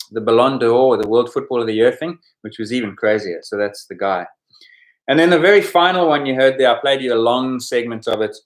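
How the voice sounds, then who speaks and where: A man hosting a podcast quiz, talking casually as he explains the answers with chatty asides. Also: mid-range voice. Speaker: podcast host running a sports quiz. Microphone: podcast microphone.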